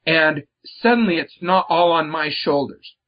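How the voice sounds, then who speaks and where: An unhurried man with a voice on the high side talks earnestly about faith as a guest author, often repeating and emphasizing words. It's a reflective religious conversation recorded in slightly muffled, lo-fi quality.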